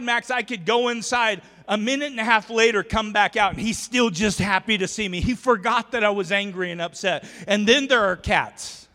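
A man's voice: high-pitched, pushed and bright. A man preaching a sermon in a church, telling folksy stories and joking with the congregation. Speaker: pastor. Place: church sanctuary. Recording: long reverb of a church hall.

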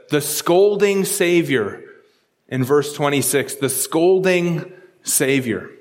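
A man with a notably high voice delivers a sermon as pastor, earnestly walking through scripture and doubling back on his words as he thinks. The sound carries a long reverb, as if recorded in a large hall. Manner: earnest, repeats words while explaining scripture.

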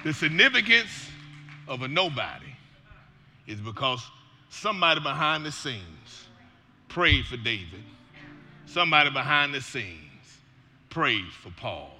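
A man preaching a sermon, shouting with passion and breaking into joking asides. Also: fairly high pitch, big pitch swings, measured pace, pauses often, a little hiss or hum. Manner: shouting, impassioned Black church preaching cadence.

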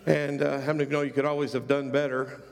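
Gravelly-voiced preaching pastor, echoey hall. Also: male voice, medium pitch, level tone, fast. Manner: preaching with rising fervor, repeated phrases. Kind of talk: sermon.

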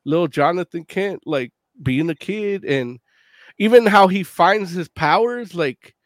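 Late-30s male podcast co-host, high-pitched, profane and animated, dry close mic. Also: measured pace, dry recording. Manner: profane, animated, laughs often. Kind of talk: casual chat.

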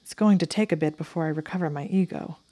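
A woman voicing a smug but devoted young male wizard, speaking his lines dryly and earnestly in her own low voice. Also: fast talker, warm tone, no room sound.

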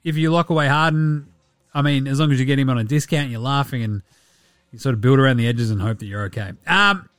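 A man's voice: mid-range voice, dry recording, studio quality. An Australian man hosting a sports podcast, talking casually and sarcastically, swearing often and mocking the people he talks about. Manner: profane, sarcastic, mocking impressions. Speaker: podcast host.

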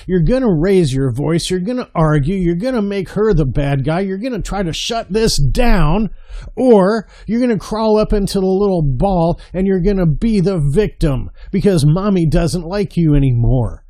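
Emphatic high-voiced preacher man. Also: mellow. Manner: emphatic, repeats words, calls listeners brother. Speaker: men's marriage speaker. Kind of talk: impassioned sermon-style address to men.

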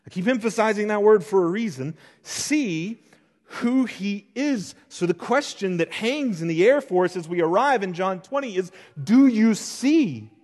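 A man in his thirties preaching a sermon as pastor, earnest and emphatic, rising to strong peaks and dropping to hushed lows. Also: lively intonation, normal speed, few pauses. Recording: long reverb of a large hall.

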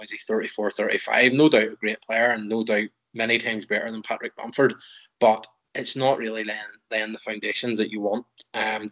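A man's voice: fairly low pitch, sharp tone, low-quality recording. A man, a guest on a football chat show, giving his opinions in long, rambling, casual answers. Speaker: podcast guest, football fan.

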